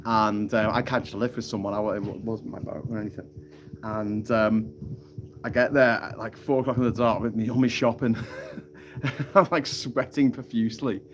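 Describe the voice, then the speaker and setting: A man's voice: lowish voice, fairly even intonation, moderate pace, slight background noise. Male live-streamer, loose and chatty, laughs and swears through his stories, phone mic outdoors. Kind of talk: casual rambling live-stream chat. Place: outdoors on a tropical island.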